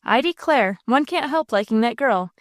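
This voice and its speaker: A woman voicing a rough, loyal male robber who talks in a lower, quieter tone. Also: lively intonation, moderate pace, dry recording, clean studio sound, lightly acted. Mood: gruff.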